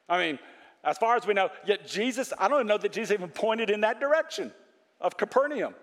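A man preaching a sermon, animated, quoting scripture and asking his congregation questions. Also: high voice, a little fast, in a large hall. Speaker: pastor.

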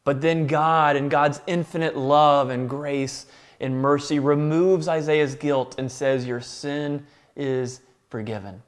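A man's voice: on the high side, fairly even intonation, slow pace. A man preaching a sermon, earnest and explaining with everyday examples and light teasing asides. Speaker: pastor.

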